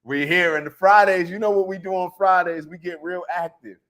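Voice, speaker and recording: A man's voice: high voice, brisk. Upbeat man hosting a live chat stream. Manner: lively, hypes up viewers with shout-outs. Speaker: host. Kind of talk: casual livestream chat. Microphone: handheld mic.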